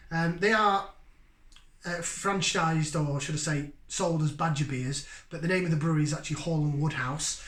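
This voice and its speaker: This Yorkshire host of a beer review channel has a fairly high voice and talks to his audience in a chatty, eager way during a relaxed vlog. His recording has a pronounced room echo.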